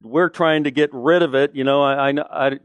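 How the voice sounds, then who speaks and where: A man's voice: medium pitch, steady tone, moderate pace, no room sound. A man preaching a sermon as pastor, emphatic, asking the listeners questions and answering them.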